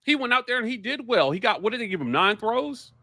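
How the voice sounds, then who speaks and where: A man co-hosting a sports podcast, animated and excitable, jumping in often on a close mic. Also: very high voice, quick pace, no room sound. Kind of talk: casual sports talk.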